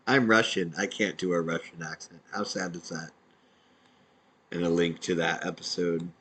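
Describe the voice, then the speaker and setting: Husky low-voiced man reading messages. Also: steady tone, normal speed, fairly bright tone, rough recording. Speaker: independent podcaster. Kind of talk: reading out his own messages.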